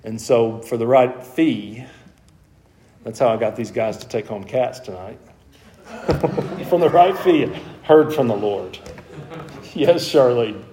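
A man's voice: medium pitch, slow, pauses often, crowd noise. A man teaching a Bible study to a group in a conversational way, talking with the class and growing more emphatic as he explains the passage.

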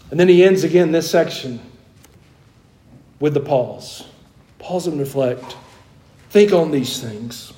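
A pastor preaches in a somewhat high voice, quoting verses in old-fashioned wording and swelling with fervor. The room around him rings with echo, so his words carry a roomy tail. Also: darkish tone. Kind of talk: sermon. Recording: echoey room.

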